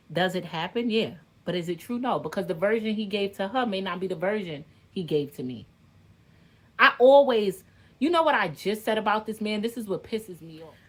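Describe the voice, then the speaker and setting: Give me a woman venting hard in casual talk, fired up and cursing, with a fairly high voice. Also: fairly bright tone. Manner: heated, profane, ranting. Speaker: content creator. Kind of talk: emotional casual monologue.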